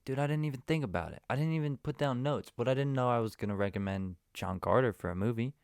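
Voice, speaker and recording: A man hosting a casual solo podcast, rambling along and breaking into sudden loud, emphatic bursts. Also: mid-range voice, lively intonation, fast, clear, resonant tone, no echo, clean studio sound. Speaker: podcast host.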